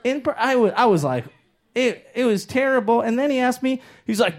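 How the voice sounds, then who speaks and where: High-voiced stand-up comedian from Los Angeles. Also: male voice, lively intonation, a little fast. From Los Angeles, Inglewood. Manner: loud punchy delivery, big swings into shouted character voices. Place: comedy stage before a live audience. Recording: live stage mic, crowd laughter.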